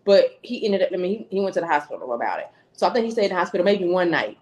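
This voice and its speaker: A woman's voice: on the low side, big pitch swings, racing, a little mellow, lo-fi sound. A woman telling a personal story on a podcast, acting out the voices in the dialogue she recalls. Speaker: podcast guest. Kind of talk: storytelling, casual chat.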